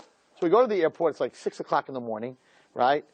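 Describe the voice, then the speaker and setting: Male rabbi storyteller, fairly high voice, lively swings, dry close sound. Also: no room sound. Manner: animated, acts out dialogue with quick pitch swings. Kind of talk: storytelling talk.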